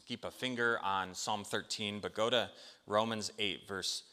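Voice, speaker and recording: A man's voice: fairly low pitch, steady tone, a little slow, bright, forceful tone, smooth. A man preaching a sermon in an earnest, conversational way, acting out the people he quotes. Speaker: pastor. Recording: long hall reverb.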